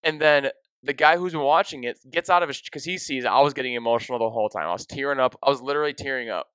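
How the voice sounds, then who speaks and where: Excitable young man telling a story. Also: mid-range voice, fast talker, clear, resonant tone, no room sound. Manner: excitable, emotional storytelling with lots of "dude" and "like". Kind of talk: casual chat.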